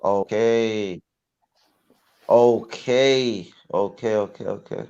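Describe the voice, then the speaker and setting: An easygoing man chats slowly as co-host of a boxing watchalong, dropping frequent murmurs of agreement. His voice comes through dull and lo-fi. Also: lowish voice, steady tone, darkish tone. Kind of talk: casual chat.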